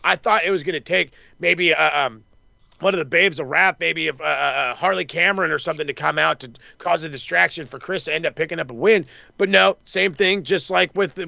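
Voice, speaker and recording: Rattling excitedly through a laid-back recap, this wrestling podcaster curses nonstop and mimics whoever he's quoting. His voice is fairly high and gravelly with a bright, forceful edge, recorded dry and close with no echo.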